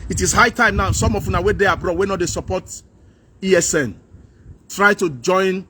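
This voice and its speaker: A man's voice: sits high, normal speed, sharp tone, husky. A man from Nigeria with a Nigerian accent that slips into Pidgin, giving an impassioned political vlog rant, preachy and repetitive, full of rhetorical questions. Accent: Nigerian English with Pidgin. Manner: preachy, repeats phrases, asks rhetorical questions. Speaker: political commentator.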